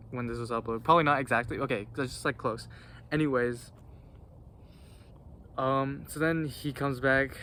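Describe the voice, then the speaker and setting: A man's voice: medium pitch, a bit bright, slight background noise. Rambling young man telling a story. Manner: rambling, slangy, many restarts and fillers. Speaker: vlogger. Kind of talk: casual storytelling.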